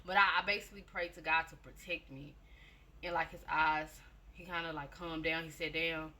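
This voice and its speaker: Bright-voiced woman telling a personal testimony. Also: sits low, steady tone, moderate pace. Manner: chatty storytelling, repeats phrases, addresses listeners directly. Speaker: testimony speaker.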